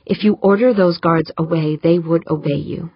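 A woman voicing a smooth, persuasive, ambitious male politician in an audiobook. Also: on the low side, normal speed. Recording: dull, muffled dry recording.

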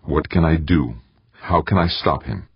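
A man's voice: rumbling low, unhurried, husky, no room sound, heavily acted. A man reading the part of a scheming, anxious ex-convict leader in an audiobook. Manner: anxious, brooding inner voice. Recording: dry, dull lo-fi audiobook recording.

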